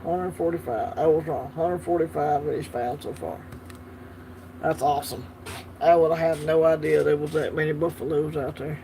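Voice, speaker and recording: A man's voice: fairly high pitch, steady tone, moderate pace, creaky, dark tone, slight background noise. Easygoing Southern man chatting on a livestream. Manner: chatty, easygoing, talks back to the chat. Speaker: livestream host. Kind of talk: casual livestream chat reading viewer comments.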